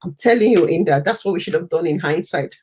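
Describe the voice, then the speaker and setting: A woman's voice: on the low side, quick pace, darkish tone, a little hiss or hum. A woman from Cameroon, hosting a live online chat show and inviting guests to weigh in. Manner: inviting, prompting questions, laughs often. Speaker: host.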